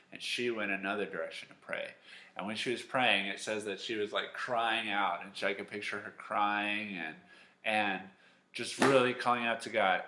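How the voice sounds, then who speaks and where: Animated man telling a Bible story. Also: on the low side. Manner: lively, animated storytelling with acted-out lines. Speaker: Sunday school teacher. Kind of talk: storytelling Bible lesson for kids. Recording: echoey room.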